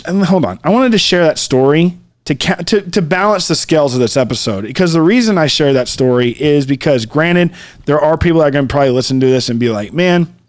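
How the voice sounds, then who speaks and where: A man co-hosting a podcast, telling a personal story in a rambling, casual way full of "like" and "dude", turning earnest and reflective. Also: fairly high pitch. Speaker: podcast co-host.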